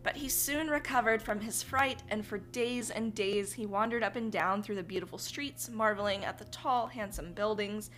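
A woman podcast host narrating an old fairy tale in an animated, dramatic storytelling manner. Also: mid-range voice, normal speed, few pauses. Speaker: podcast host reading folktales.

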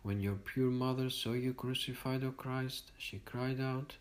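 A man reading liturgical morning prayers aloud in a steady, measured recitation. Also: mid-range voice, rough recording. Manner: steady monotone recitation on one note. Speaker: liturgical reader.

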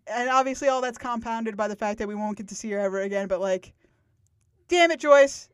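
A young woman co-hosting a podcast in casual chat, playful and quick to laugh. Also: mid-range voice, level tone, clean tone, no room sound, studio quality. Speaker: podcast co-host.

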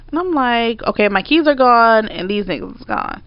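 Animated swearing woman telling a story. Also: on the high side, fairly quick, few pauses, no echo. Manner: animated, swearing, acts out her own outbursts. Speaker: storyteller co-host. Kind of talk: casual storytelling chat. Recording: dry, slightly dull audio.

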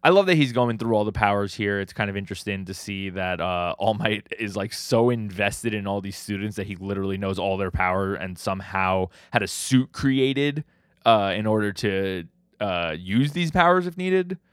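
A man with a lower-pitched voice hosts a podcast and recaps comic chapters in loose, rambling talk. He leans on "like" and drops the odd swear word. The sound is dry and close on a podcast mic. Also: lively intonation, normal speed, smooth, no echo. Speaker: podcast host.

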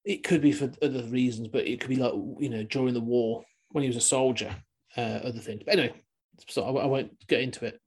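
A man's voice: mid-range voice, steady tone, quick pace, a little mellow, breathy edge. A man hosting a podcast in a casual chat, rambling and restarting his sentences with the odd chuckle. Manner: rambling, self-interrupting, chuckling. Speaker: podcast host.

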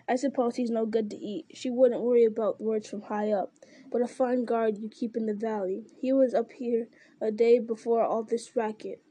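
A woman voicing a gruff, stern male orc captain who growls out blunt orders in an audiobook reading. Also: a little high, dark tone, no echo, lightly acted.

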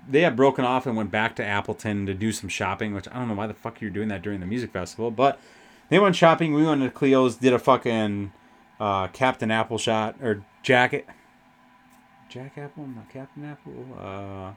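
A young man hosting a podcast, rambling through a festival story with constant swearing and animated retelling. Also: mid-range voice. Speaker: podcast host. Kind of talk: casual storytelling.

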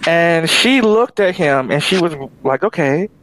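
A young man co-hosting a podcast, an animated storyteller with sassy asides in casual chat. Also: fairly high pitch, a little slow. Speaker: podcast co-host.

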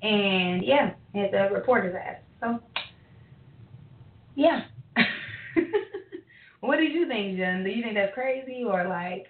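A woman co-hosting a podcast, telling a long story in a profane, rambling, animated way with lots of fillers. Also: medium pitch, slow pace, long pauses. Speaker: podcast co-host. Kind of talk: casual ranting storytelling. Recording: echoey tinny phone-line audio.

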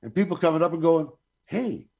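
A middle-aged man with a slightly high voice tells a rambling story in a loose, conversational way. He swears freely and slips into the voices of the people he quotes. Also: a little fast, vocal fry. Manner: profane, animated, acts out quoted voices. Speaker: guest storyteller. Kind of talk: casual anecdote telling.

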